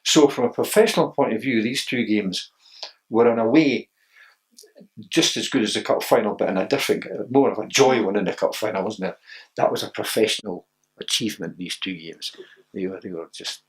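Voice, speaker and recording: A man's voice: on the low side, brisk, husky. An older Scottish man, a former footballer, reminiscing in an interview and telling stories with acted-out quotes. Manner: storytelling, laughs often, acts out quotes.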